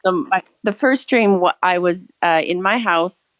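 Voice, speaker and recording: A woman's voice: fairly low pitch, a little slow, no room sound. A retired woman in her sixties, a former teacher, telling a long personal story in a rambling, earnest way with frequent restarts. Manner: earnest, rambling, laughs often. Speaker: caller sharing a story. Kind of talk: casual storytelling.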